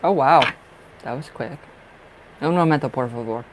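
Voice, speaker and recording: A man's voice: medium pitch, normal speed, slight background noise, poor audio. A man hosting a live tarot reading stream, chatting casually and expressively with viewers and laughing often.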